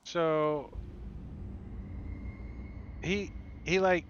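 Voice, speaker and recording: Dm guy narrating combat, bright edgy voice, kinda muffled, cusses a lot. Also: medium pitch, a little slow, dry recording. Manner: casual, swearing, laughing often. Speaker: dungeon master. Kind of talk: narrating a tabletop game.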